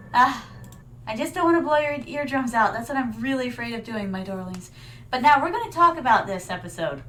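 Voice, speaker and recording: Hamming it up with regal theatrics, a woman vtuber reacts live, calls her audience "my darlings" and sprinkles in Japanese fillers. She sounds fairly high, animated and fairly bright at a normal pace, with a little hiss or hum in the audio.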